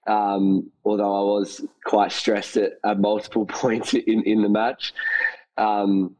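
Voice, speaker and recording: A man's voice: on the low side, slow pace, low-quality recording. A young man, tired and losing his voice, telling a story in a casual interview with lots of fillers and laughs. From Australia. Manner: excited, laughing, many fillers and restarts. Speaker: guest, team staff member.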